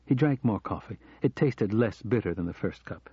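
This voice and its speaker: A man narrating an audiobook in a calm, measured storytelling manner. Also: lowish voice, breathy edge, no echo. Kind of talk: scripted narration. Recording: dull lo-fi audio.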